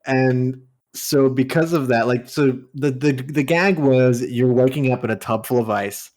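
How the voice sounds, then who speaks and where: Young man, podcast co-host, casual chat, laughs a lot, mid pitch. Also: measured pace. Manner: laughs often while telling stories, animated when quoting.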